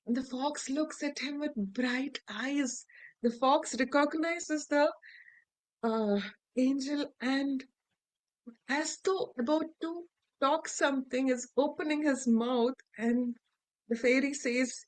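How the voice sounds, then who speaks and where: High-voiced Indian woman telling a fairy tale. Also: slow, no echo, rough recording. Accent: Indian English. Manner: animated, voices characters' lines with shifts in pitch and loudness. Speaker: storyteller. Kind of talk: oral fairy-tale storytelling.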